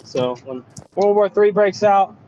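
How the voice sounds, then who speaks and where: A man's voice: high voice, expressive, unhurried, darkish tone, lo-fi sound, slight background noise. Rambling, profane man talking from a car. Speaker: voice chat participant. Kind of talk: casual voice chat. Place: in a moving car.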